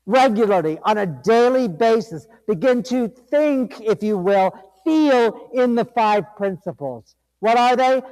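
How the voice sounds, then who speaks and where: Guy preaching a sermon, high voice, emphatic and chatty, echo trailing off in the church. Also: a little mellow. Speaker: guest reverend. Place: church sanctuary.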